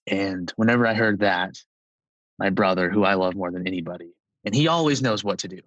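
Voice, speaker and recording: A man of twenty-one, a podcast guest, telling a personal story in a relaxed, chatty way with frequent fillers. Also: sits low, a little fast, dry recording, highs cut off.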